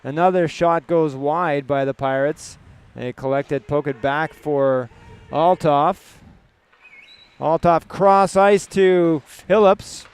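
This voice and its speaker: High-voiced man calling youth hockey. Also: clear, resonant tone. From Canada. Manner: rapid clipped puck-by-puck calls. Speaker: play-by-play commentator.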